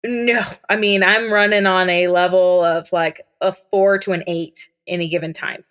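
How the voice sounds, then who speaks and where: A woman's voice: lowish voice, fairly even intonation, normal speed, fairly bright tone, smooth. A woman casually telling a personal story, acting out quoted lines in a raised voice. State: recovering from memory loss and daily headaches. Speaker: guest telling her story.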